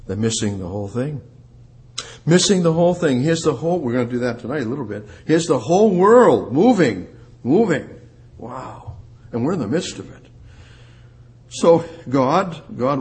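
A man preaching a sermon, repeating words for emphasis and rising louder on the scripture he quotes. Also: mid-range voice, big pitch swings. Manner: emphatic, repetitive preaching with slow drawn-out phrases. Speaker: pastor.

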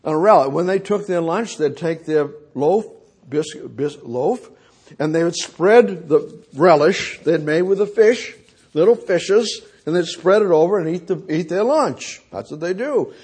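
Husky male preacher, slow and emphatic, lively pitch, repeats himself. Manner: emphatic, repetitive, restarts and stammers. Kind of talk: sermon.

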